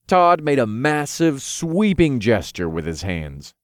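A man narrating an audiobook in an expressive, playful reading. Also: fairly low pitch, a little slow, few pauses, no room sound, studio quality.

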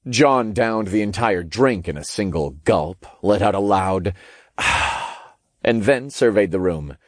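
A man narrating an audiobook in the first person, with lively, expressive storytelling. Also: lowish voice, unhurried, no room sound, clean studio sound.

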